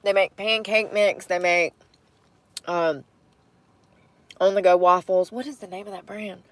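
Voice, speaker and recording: A woman's voice: medium pitch, a little slow, no echo. A young woman chatting casually and laughing as she eats in her parked car. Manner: chatty, laid-back, laughs often, talks while eating. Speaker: vlogger. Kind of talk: casual vlog chat while eating.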